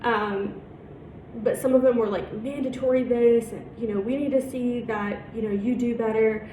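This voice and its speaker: A young woman with a fairly high voice retells a painful personal story to her viewers, acting out each exchange with rising emotion. She sits back from the mic in a roomy, echoing space. A faint hiss of noise runs underneath. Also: moderate pace. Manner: emotional, animated retelling with dialogue reenacted. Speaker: vlogger telling her story. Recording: roomy echo, a bit far from mic, faint background noise.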